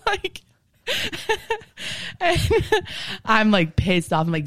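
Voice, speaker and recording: A woman's voice: sits low, expressive, unhurried, no room sound, studio quality. A young woman hosting a podcast, telling rambling, profane stories full of "like" in a casual chat. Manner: profane, rambling, filler-heavy storytelling. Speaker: podcast host.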